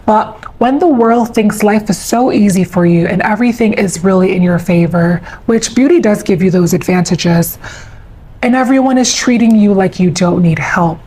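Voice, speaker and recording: A woman's voice: medium pitch, moderate pace, dark tone, slight background noise, rough recording. A woman giving earnest, explanatory commentary to camera. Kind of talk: reflective commentary.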